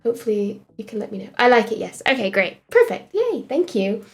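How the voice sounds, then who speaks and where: A woman with an English accent mixing Essex and Midlands, chatting casually on a livestream while she works on animation, relaxed and hesitant with lots of ums. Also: fairly high pitch, brisk. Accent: English, a mix of Essex and Midlands. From England. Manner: relaxed and hesitant, with frequent ums and trailing phrases. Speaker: animator streaming her work.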